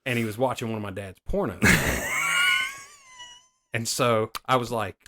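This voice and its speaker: A man's voice: medium pitch, quick pace. A middle-aged man telling profane stories in a casual podcast chat. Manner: profane, animated storyteller. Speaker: podcast co-host.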